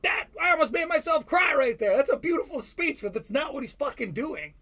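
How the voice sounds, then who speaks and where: A man's voice: extremely high pitch, big pitch swings, fairly quick, sharp tone. A man hosting a live stream, reacting to a comedy special with sarcastic, profane commentary. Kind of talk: casual commentary.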